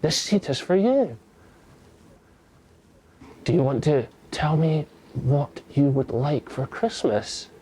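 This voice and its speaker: Scottish guy playing a shy whispery santa, whispered role-play, soft and high, slow, hesitant, music behind. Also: very animated, slightly rough, exaggerated voice. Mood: gentle coaxing. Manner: hesitant, coaxing a small child. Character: stand-in Father Christmas, gentle and shy.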